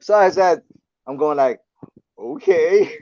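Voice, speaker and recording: A man's voice: medium pitch, fairly quick, muffled recording. A man, a guest on a talk show, telling a story casually and acting out the dialogue in it. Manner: acts out quoted dialogue, animated. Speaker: podcast guest, martial arts teacher.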